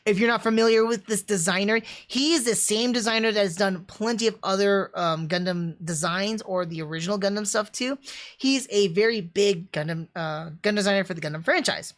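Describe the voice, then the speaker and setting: A woman's voice: mid-range voice, fairly quick. Chatty woman reviewing anime on stream. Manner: excited, chatty, many fillers and restarts. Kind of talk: casual livestream review.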